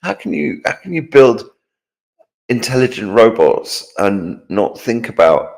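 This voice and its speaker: A man co-hosting a live stream, relaxed, reading out viewer comments and answering them. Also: medium pitch, a little slow, creaky. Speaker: co-host. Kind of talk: casual live-stream chat.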